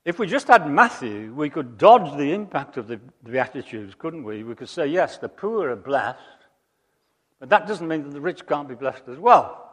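A man preaching a sermon, emphatic, rising to loud high peaks and dropping to quiet asides. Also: big pitch swings, normal speed. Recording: long hall reverb.

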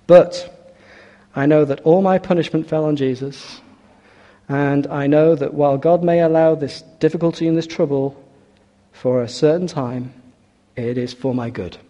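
A man's voice: fairly high pitch, dark tone. A man preaching a sermon in an earnest way, with rhetorical questions and hesitant restarts. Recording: long hall reverb.

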